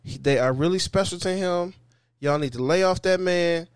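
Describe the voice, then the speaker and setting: A man co-hosting a casual chat, laid-back and relaxed, often repeating himself. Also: high-pitched, moderate pace, clean tone, no room sound. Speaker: co-host.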